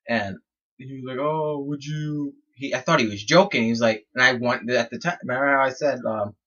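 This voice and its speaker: A man's voice: mid-range voice, fairly quick, pushed and bright, husky. A young man telling casual stories about his BMX bikes, rambling and often restarting his sentences. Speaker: BMX rider vlogger. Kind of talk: casual storytelling. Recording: dull lo-fi sound.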